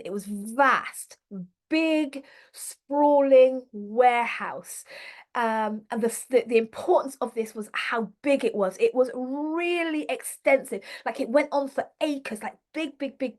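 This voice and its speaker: A woman coach speaks straight to her viewers without a script, her slightly high voice wandering through fillers and false starts. She slows down and leans on words about feeling, earnest and reflective. The delivery is loose, personal and unhurried in its thoughts. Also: darkish tone. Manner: rambling with many fillers and restarts. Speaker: leadership coach. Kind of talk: unscripted reflective talk to camera.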